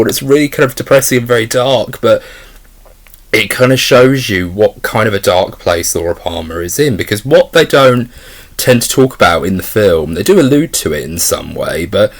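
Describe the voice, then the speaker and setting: A young man giving a casual spoken film review, rambling with many fillers and restarts. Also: mid-range voice.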